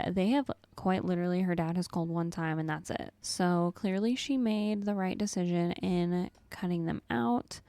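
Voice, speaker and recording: A woman's voice: medium pitch, dark tone, dry recording. A young woman giving casual, upbeat commentary over a life-sim game, chatting with her viewers as she plays. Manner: chatty, upbeat, talks to viewers as "guys" and "y'all". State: has the hiccups. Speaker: gaming channel host.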